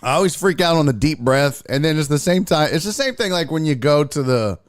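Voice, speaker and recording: Lively, profane male podcast host. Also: a little high, brisk, dry recording, studio quality. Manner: animated, profane storytelling with acted-out sighs. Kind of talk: casual livestream chat.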